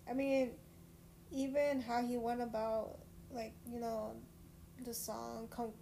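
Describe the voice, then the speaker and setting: A woman's voice: fairly high pitch, little pitch movement, takes it slowly, creaky, mellow, a little hiss or hum. A woman co-hosting a podcast, speaking frankly and teasing her co-host in casual chat. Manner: frank, teasing, matter-of-fact.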